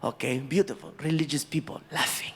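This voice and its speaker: A man's voice: on the high side, fairly quick, creaky, breathy edge. A man doing stand-up comedy storytelling, acting out voices and laughing along. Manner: animated, acts out voices, laughs. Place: large theater stage. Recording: stage hall reverb, faint audience.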